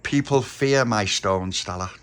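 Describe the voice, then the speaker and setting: A man's voice: lowish voice, a little slow, clear, resonant tone, natural voice. A man voicing a cocky little boy who boasts and dramatizes. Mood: boastful.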